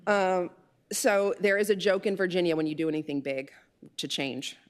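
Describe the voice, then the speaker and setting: An earnest woman in her late forties speaks to a legislative committee in a fairly low voice. She sounds heartfelt and moves close to tears. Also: moderate pace. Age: late 40s. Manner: earnest, turns tearful and emotional. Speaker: state official. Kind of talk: prepared remarks to a committee. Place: legislative hearing room.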